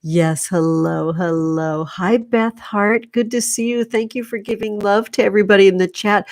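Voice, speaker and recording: A middle-aged woman hosting a casual livestream, warmly greeting viewers by name and calling them sweetie. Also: on the high side, moderate pace, few pauses. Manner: affectionate, effusive, calls viewers sweetie.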